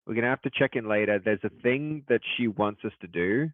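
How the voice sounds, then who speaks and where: A man who runs a game studio, chatting casually on a live stream, excitable and hyped, now and then bursting into loud shout-outs. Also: fairly low pitch, brisk, no echo. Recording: tinny, phone-like dry sound.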